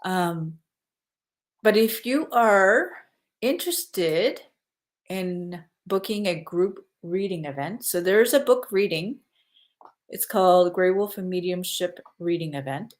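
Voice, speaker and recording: A woman's voice: fairly low pitch, animated. A woman who works as a psychic medium, telling a story in a casual, chatty way and laughing now and then. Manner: unhurried and chatty, laughs as she recounts.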